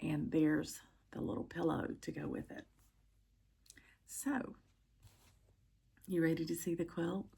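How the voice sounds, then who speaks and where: A middle-aged woman talks through her day in an easygoing, chatty way, pausing often with ums. Her voice sits a little low, with a gravelly, husky edge. It sounds like a relaxed home vlog. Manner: chatty, many ums and pauses. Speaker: cross-stitch vlogger. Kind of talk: casual chat to camera.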